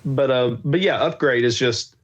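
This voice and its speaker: A man's voice: mid-range voice, normal speed. A young man co-hosting a podcast, gushing about films in a casual, rambling way full of fillers. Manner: enthusiastic, rambling with many fillers. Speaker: podcast co-host. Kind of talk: casual chat. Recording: slightly dull lo-fi sound.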